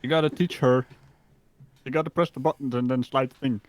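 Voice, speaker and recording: Man with a Dutch accent, stream co-host; halting, casual delivery. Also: mid-range voice, fairly even intonation, slight background noise. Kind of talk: casual livestream chat.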